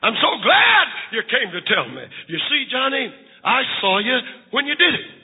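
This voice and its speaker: A man voicing a tender, forgiving mother who speaks softly and lovingly to her son. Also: very high voice, moderate pace, husky. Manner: soft, hushed and loving. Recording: tinny lo-fi recording in echoing hall.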